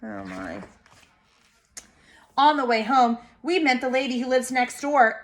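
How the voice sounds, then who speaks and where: A woman reading a storybook aloud to small children, slow and expressive. Her voice sits a little high, and she stops now and then to point out the pictures. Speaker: preschool teacher reading aloud.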